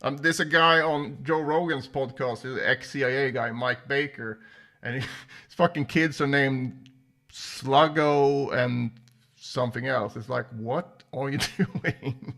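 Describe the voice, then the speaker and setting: A man's voice: medium pitch, steady tone, takes it slowly, gravelly. A man giving a casual livestream guitar lesson, talking loosely, swearing now and then, and counting beats aloud as he plays. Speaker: guitar teacher. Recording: guitar playing loudly behind voice. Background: loud electric guitar.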